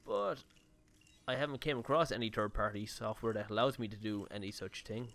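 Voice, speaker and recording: A man's voice: fairly low pitch, brisk, gravelly, fairly bright tone. A man giving casual, rambling let's-play commentary on his own game session, with mild swearing. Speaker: gaming YouTuber.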